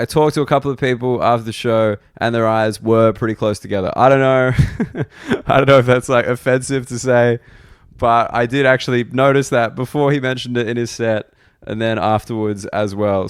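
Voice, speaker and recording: A man's voice: on the low side, clear, resonant tone, no echo. A young Australian man, a comedian hosting a solo podcast, rambling wryly and self-deprecatingly with lots of fillers into a close mic. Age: young adult. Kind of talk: casual solo podcast monologue.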